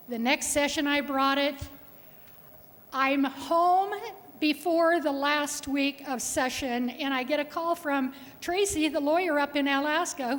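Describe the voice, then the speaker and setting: High-voiced woman telling folksy stories. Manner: folksy storytelling with chuckles. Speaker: state senator. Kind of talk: farewell speech. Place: legislative chamber. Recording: long reverb of a large chamber.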